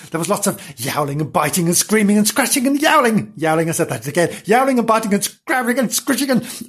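A woman telling a mock children's bedtime story, wandering off into rambling, giggly asides. Her voice is husky and breathy. Her pitch swoops high and low. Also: sing-song, a little fast.

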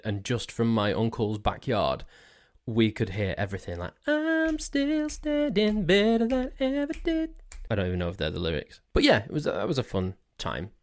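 Rambling man on a podcast. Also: lowish voice. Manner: rambling, trips over his words; jokey, self-mocking. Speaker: podcast host. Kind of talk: casual solo podcast monologue. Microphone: desk mic on a stand.

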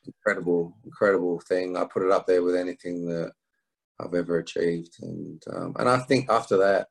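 Low, flat-voiced man telling a story. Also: vocal fry, low-quality recording. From England. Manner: halting, many restarts and fillers. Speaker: interview guest. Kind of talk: reflective storytelling.

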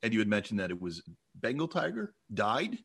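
A man's voice: on the low side, very animated, brisk, vocal fry, a bit bright. A man co-hosting a podcast, asking a guest a question casually with some hesitation. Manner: hesitant, searching for words. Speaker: podcast co-host.

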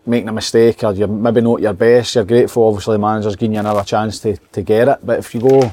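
Casting: Scottish male football pundit, mellow tone, dry close sound. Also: fairly low pitch, steady tone, fast, no echo. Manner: rambling, restarts phrases. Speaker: podcast pundit. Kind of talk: casual football chat.

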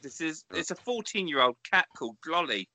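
Man, sharp, very bright voice, dry close sound, deadpan podcast co-host. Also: on the high side, fairly quick, no echo. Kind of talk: casual comedic chat.

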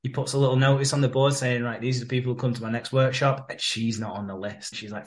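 A man's voice: medium pitch, fairly even intonation, quick pace, few pauses. A man co-hosting a podcast, casually recapping a soap episode, swearing and acting out the characters' lines. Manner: laughs often, swears, acts out the characters' lines. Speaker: podcast co-host.

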